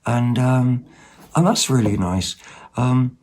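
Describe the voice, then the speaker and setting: A man's voice: medium pitch, takes it slowly, darkish tone. A man giving a rambling, casual show-and-tell of second-hand finds at home, with lots of ums and asides. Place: home, at a table.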